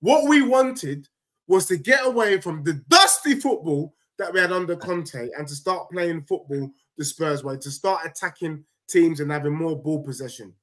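A man's voice: a little high, moderate pace. A young man, co-hosting a casual football debate, emphatic and ranting as a fan. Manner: animated, emphatic, ranting with rising outbursts. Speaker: football podcast co-host, fan.

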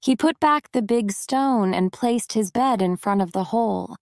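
Give me a slow, deliberate woman narrator for a learners' storybook, higher-pitched and dry. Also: dry recording. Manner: clear, deliberate.

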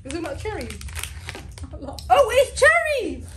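A woman's voice: very high voice, very animated, slow pace, a bit bright. A young woman, chatting playfully and giggling often while taste-testing snacks for a vlog. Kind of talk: casual chat. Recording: noisy home video recording.

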